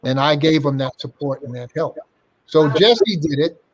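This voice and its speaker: A man's voice: fairly high pitch, normal speed. An older man telling a story in an interview, acting out the dialogue of the people in it as he goes. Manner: animated anecdote-teller, acting out quoted dialogue. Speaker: interview guest.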